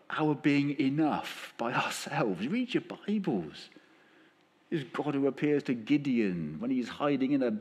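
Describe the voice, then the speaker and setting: Man, preacher, sermon, animated pitch, conversational delivery. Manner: lively, with acted-out quotes. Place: church.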